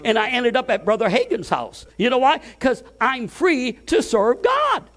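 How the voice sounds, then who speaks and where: A man preaching a sermon, telling a personal story and acting out the voices of the people in it, with excited repeated words. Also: extremely high pitch, normal speed.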